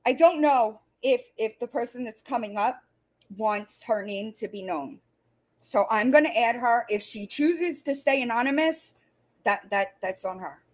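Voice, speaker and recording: A woman hosts a heated livestream rant, her voice sitting a little high. She swears freely and stumbles through restarts when her anger boils over. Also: expressive, a little slow. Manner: angry, profane, stumbling restarts. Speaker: livestream host.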